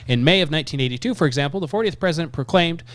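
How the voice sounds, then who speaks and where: A man's voice: a little high, lively intonation, very fast, no echo. A man co-hosting a podcast, chatting casually and reading historical quotes aloud with emphasis. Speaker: podcast co-host.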